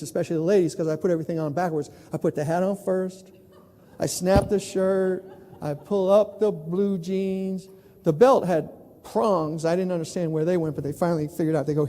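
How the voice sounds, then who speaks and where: A man from New York giving a plenary talk at a conference, telling stories in an animated, self-mocking way. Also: high-pitched. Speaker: plenary speaker. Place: large conference hall. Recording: long reverb in a large hall.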